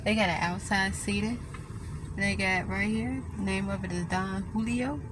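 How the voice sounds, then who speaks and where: A woman casually chatting to her viewers while riding in a car. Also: mid-range voice. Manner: chatty, addresses viewers as y'all. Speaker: vlogger. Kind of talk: casual vlog chat. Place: in a car, then at a restaurant. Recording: loud road noise from a moving car. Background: car and traffic noise.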